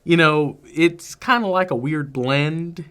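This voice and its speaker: A man's voice: fairly high pitch, clear, resonant tone. A man co-hosting a film review podcast, chatting casually and giving opinionated, emphatic takes. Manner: animated, opinionated, drawn-out emphasis. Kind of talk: casual movie review chat.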